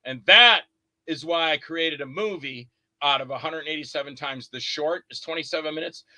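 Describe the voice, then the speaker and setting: A man with a high, very bright, forceful voice, guesting on an interview and spinning lively anecdotes. He acts out every person in his stories and curses freely. His voice sounds close and dry, with no room echo. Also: normal speed. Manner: animated, acts out the other people in his stories; swears freely. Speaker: guest, indie horror actor and filmmaker. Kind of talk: casual interview storytelling.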